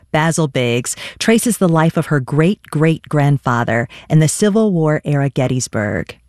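Measured woman radio host. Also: low voice, darkish tone, no echo, clean studio sound. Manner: measured, introduces guest from a script. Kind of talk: radio interview.

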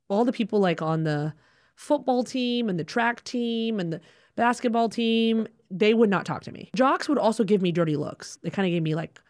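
A woman from Alabama telling a personal story in a lively way, acting out the dialogue. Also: fairly low pitch, dry recording, studio quality. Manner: animated, acts out dialogue.

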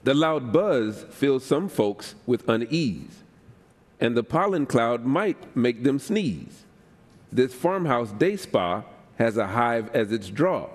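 A man on a radio quiz show reading comic limericks aloud in a deliberate, rhythmic way. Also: mid-range voice, expressive. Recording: long theater reverb.

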